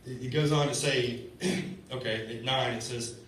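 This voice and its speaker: A man's voice: medium pitch, fairly even intonation, a little slow, few pauses, a bit bright. Earnest man preaching in an echoey church. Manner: earnest and conversational, stammers and repeats words. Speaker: lay preacher. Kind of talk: sermon. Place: church sanctuary. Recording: echoey church room from far off, faint hiss. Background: congregation responding.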